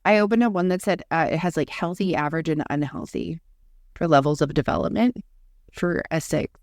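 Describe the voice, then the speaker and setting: Low-voiced woman, casual podcast chat. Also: fairly quick, darkish tone, dry recording, studio quality. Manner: chatty, swears casually, reads lists aloud. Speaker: podcast co-host.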